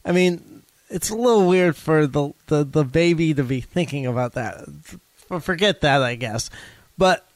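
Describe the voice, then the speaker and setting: A man's voice: a little high, normal speed, no echo. A young man co-hosting a casual podcast, talking things through with hesitant restarts and fillers. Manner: hesitant, restarts and fillers while reasoning aloud. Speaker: podcast co-host.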